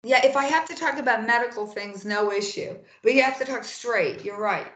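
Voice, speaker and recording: A woman's voice: a little high, brisk, fairly bright tone, echoey room, rough recording. A woman physician being coached over a video call, agreeing readily and repeating phrases back. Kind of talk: one-on-one coaching session.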